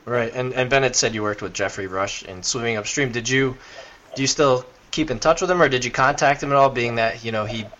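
A male radio co-host in casual chat, jokey and quick to laugh. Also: medium pitch, a bit bright, lo-fi sound, slight background noise.

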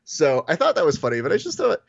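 Animated, gravelly podcast co-host man. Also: fast, no echo, lo-fi sound. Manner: animated, acts out quotes with falsetto and whispers. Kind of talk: casual chat.

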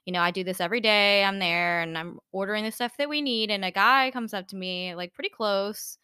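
A woman's voice: mid-range voice, fairly quick, sharp tone, smooth, no echo, studio quality. A young woman co-hosting a podcast, telling a story in casual chat with lots of fillers. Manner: chatty storyteller, many fillers. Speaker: podcast co-host.

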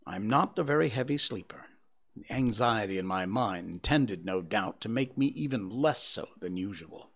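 Male audiobook narrator, theatrical storytelling, very lively pitch. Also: moderate pace. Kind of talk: dramatic storytelling reading.

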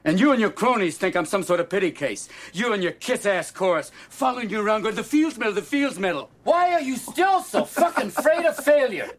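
A furious middle-aged therapist in a film drama, harsh and swearing as he defends himself. His voice runs high and swings widely in pitch. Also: lively intonation, fairly quick, hardly any pauses. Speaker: film character.

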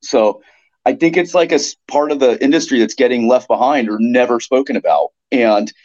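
Blunt, animated man, lo-fi audio. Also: mid-range voice, normal speed. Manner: blunt, animated, swears freely. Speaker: NFT project co-founder guest. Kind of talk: casual podcast interview.

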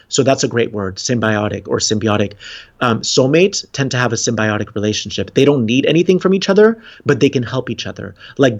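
A man talking earnestly about relationships and spirituality as a podcast guest, rambling and laughing often. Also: mid-range voice. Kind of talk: casual podcast conversation. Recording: dull lo-fi sound.

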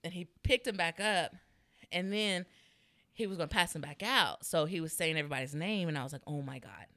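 A woman's voice: lowish voice, fairly quick, fairly bright tone, dry recording. A young woman in her twenties, a stand-up comedian, telling a story in a casual interview, laughing often and saying "like" a lot. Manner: laughs often, lots of "like" fillers.

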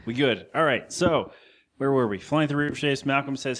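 A man chatting casually on a podcast, recapping a movie scene by scene. His voice sits at an ordinary middle pitch, and he drops in quick quoted lines and the odd swear word. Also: a bit bright. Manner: loose and profane, retells scenes with quoted lines. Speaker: podcast co-host.

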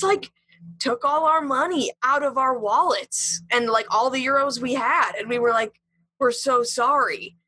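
A woman spins a story for a podcast in a bright, somewhat high, breathy voice. Her telling is casual and chatty, peppered with fillers, and it becomes animated as she relives the moment. The sound is dry and close. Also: no room sound. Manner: chatty, heavy with "like" and "um"; animated retelling. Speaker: podcast guest.

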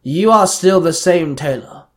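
A man voicing the Ultra Grid, slow and formal. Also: on the high side, lively intonation, fairly bright tone. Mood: measured. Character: Ultra Grid, an ancient power speaking through a teammate's avatar.

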